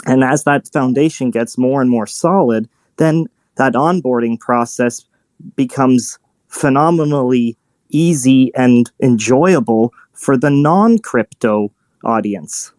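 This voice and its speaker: A man calmly laying out a broader view in a casual group call. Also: medium pitch, slow pace, no room sound.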